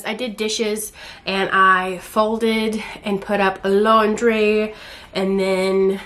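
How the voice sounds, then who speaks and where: A woman's voice: mid-range voice, flat delivery, extremely slow, a bit bright. A young woman chatting casually at home in a book vlog, rambling with fillers. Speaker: book vlogger. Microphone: earbuds, then camera mic.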